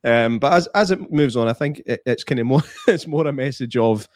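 A man's voice: mid-range voice, expressive, a little fast. Reflective man chatting about a film. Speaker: podcast co-host. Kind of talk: casual chat reviewing a film.

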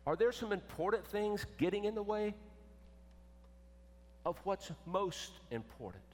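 A man preaching a sermon, emphatic, swinging between loud and hushed. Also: high voice, very animated, measured pace. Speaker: pastor. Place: church sanctuary. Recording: echoey church with long reverb.

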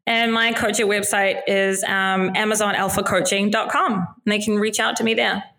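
A woman's voice: medium pitch, steady tone, moderate pace, bright, forceful tone, low-quality recording. A woman with a New Zealand accent, a podcast guest explaining selling tips in a casual interview and laughing easily.

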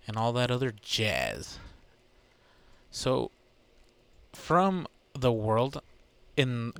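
A man hosts his own podcast solo, chatting casually and rambling loosely while swearing freely and joking. His voice is mid-range with a clean tone.

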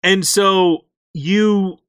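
A young man on a podcast, telling a game story in an animated way and jumping into character voices, in a dry close recording. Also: high-pitched, very slow, smooth, no room sound. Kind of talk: casual game recap chat.

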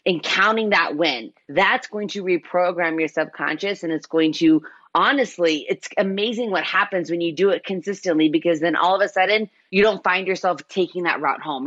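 A woman's voice: lowish voice, fairly bright tone, dry recording, dull audio. A woman explaining habit change in an earnest, coaching way during a casual interview. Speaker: health coach guest.

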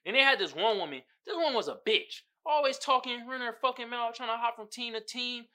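A man hosting a podcast, casually recapping a TV series with animated, profane storytelling. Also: very high voice, a little fast. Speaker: podcast host.

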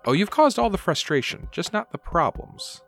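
A fussy little gnome woman, voiced by a man, pitched high and clipped. She talks with indignant bustle and snaps her lines out. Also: big pitch swings, normal speed, gravelly, fairly bright tone, soft background music, full character voice. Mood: sharp. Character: fussy small female gnome captain.

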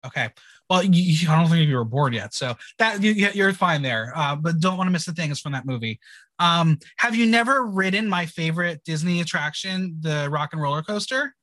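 Man, host, high pitched, lively sing-song delivery, playful, theatrical, dry close recording. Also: brisk, no room sound. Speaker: podcast host. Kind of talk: casual recap chat.

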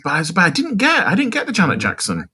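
A man's voice: high-pitched, huge pitch swings, fast, sharp tone, husky. A man co-hosting a casual podcast chat, dramatic and theatrical in his disgust. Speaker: podcast co-host.

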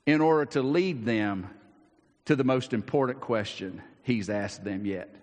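A man with a Southern US accent preaching a sermon as pastor, folksy, repeating words and dropping into hushed asides. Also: mid-range voice, measured pace, long reverb tail.

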